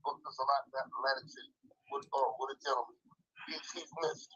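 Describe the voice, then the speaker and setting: A man's voice: mid-range voice, level tone, fast, fairly bright tone, slightly rough, dull audio. A man talking as a guest comedian in a casual interview, blunt, profane and laid-back.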